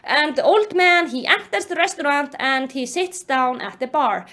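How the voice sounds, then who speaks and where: Brief: young woman, high voice, casual recap vlogger, animated and exasperated. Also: moderate pace. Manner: animated, exasperated, filler-heavy retelling. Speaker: YouTube commentator. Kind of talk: casual book-recap commentary.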